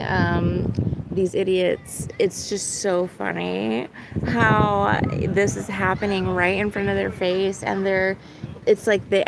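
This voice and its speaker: Gravelly-voiced woman rambling outdoors. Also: lowish voice. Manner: meandering, frequent "right?" and "like" tags. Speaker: vlogger. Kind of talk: casual rambling monologue. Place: outdoors near boats and birds. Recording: outdoor recording with loud traffic noise.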